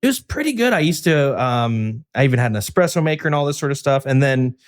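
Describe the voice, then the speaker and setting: A man co-hosting a podcast, talking in a loose, rambling way with plenty of fillers and restarts. His voice sits at an ordinary middle pitch and comes through a close, dry microphone with no room sound around it. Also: animated, quick pace, dry recording. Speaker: podcast co-host. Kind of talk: casual podcast chat.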